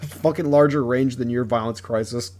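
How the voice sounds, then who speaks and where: A man's voice: mid-range voice, moderate pace, darkish tone. A young man from the United States, co-hosting a podcast with dry, teasing banter and casual swearing. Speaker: podcast co-host.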